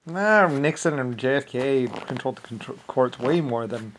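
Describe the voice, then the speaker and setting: A man's voice: medium pitch, lively intonation, normal speed, a bit bright, a little hiss or hum. A man delivering a rambling solo monologue, dismissive and profane, with lots of filler words. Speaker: channel host.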